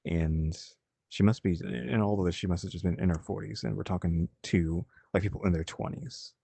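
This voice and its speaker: A man's voice: sits low, moderate pace, gravelly, warm tone, slightly rough, dry recording. A man reacting in casual chat, thinking aloud and puzzled, asking questions.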